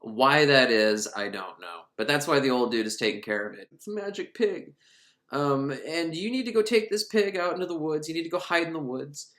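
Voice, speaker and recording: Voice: medium pitch, normal speed, a bit bright, reverberant. A film reviewer recapping a movie in a casual, sarcastic, comedic way, often laughing.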